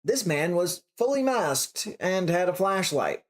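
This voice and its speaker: A woman reading a short story aloud on a writing stream, voicing the dialogue with big pitch swings. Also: big pitch swings, unhurried, hardly any pauses. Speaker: reader on a writing prompt stream. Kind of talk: reading a story aloud, then casual chat.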